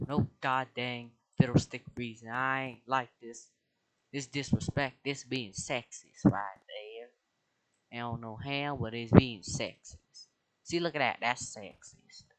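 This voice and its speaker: A young man giving casual let's play commentary, excitable, with dramatic outbursts, squeals and slang. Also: mid-range voice, unhurried, rough recording. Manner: slang-heavy casual talk. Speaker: gaming video creator.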